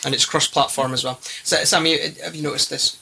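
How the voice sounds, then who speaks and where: A man's voice: on the high side, fairly even intonation, fairly quick, gravelly, sharp tone, slight background noise. A man hosting a casual live gaming chat over a video call, jokey and stumbling as he thinks aloud.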